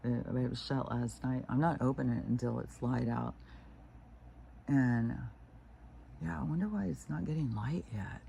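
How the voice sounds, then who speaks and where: A woman's voice: very deep voice, moderate pace, vocal fry, long pauses, dark tone, slight background noise. A woman vlogging casually from home in the early morning, talking loosely and digressively and swearing freely. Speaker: spiritual vlogger. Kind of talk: casual rambling monologue.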